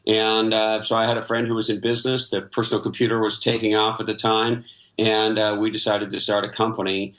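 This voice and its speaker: A man's voice: fairly low pitch, completely flat delivery, a little fast, a bit bright. A middle-aged man from Canada, a guest in an interview, telling his life story in a reflective way with many fillers. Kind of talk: interview conversation.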